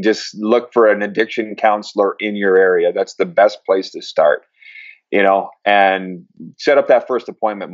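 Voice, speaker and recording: A man's voice: fairly low pitch, no room sound. A man who works as a sober coach, talking casually as an interview guest and acting out the people he quotes. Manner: animated storyteller, acts out quotes. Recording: dry, slightly dull studio sound.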